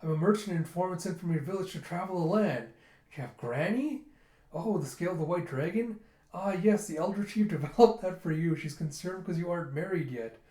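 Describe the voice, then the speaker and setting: A man voicing an eager traveling merchant and informant with a brisk, cheerful manner. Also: high voice, lively intonation, mellow, reverberant, pitched above the performer's own voice.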